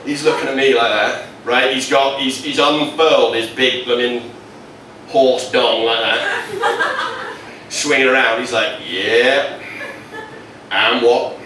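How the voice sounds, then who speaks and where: A man's voice: medium pitch, big pitch swings, a little slow, pushed and bright, distant mic. A man doing stand-up comedy, rambling into absurd stories. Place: comedy venue. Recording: echoey venue from afar, noisy.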